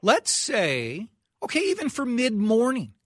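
A man's voice: very high voice, wildly swooping pitch, measured pace, a little hiss or hum. A middle-aged man hosting a radio show, chatting casually in a studio, easygoing and self-mocking, tossing out open questions.

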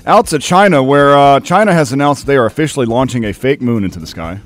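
A man's voice: mid-range voice, lively intonation, a little fast, faint music behind. A man presenting a comic news segment on sports radio, telling odd stories in a wry, amused way.

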